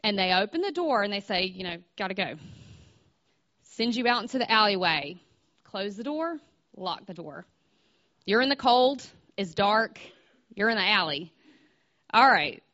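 A woman's voice: medium pitch, very animated, normal speed, pauses often, sharp tone. Chatty woman preaching, slightly muffled recording. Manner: conversational, stops and restarts, asks the audience questions. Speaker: speaker at a church gathering. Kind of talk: informal sermon with storytelling.

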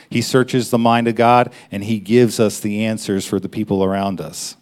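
A man preaching in a conversational, personal way, stopping for quick laughs and honest asides as he addresses his listeners. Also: medium pitch, darkish tone. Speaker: pastor. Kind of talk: sermon.

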